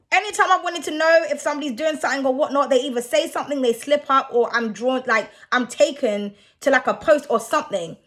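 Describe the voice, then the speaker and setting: A woman's voice: high-pitched, fairly bright tone. A young woman who reads tarot, ranting bluntly and with a lot of swearing in a casual vlog. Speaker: tarot reader.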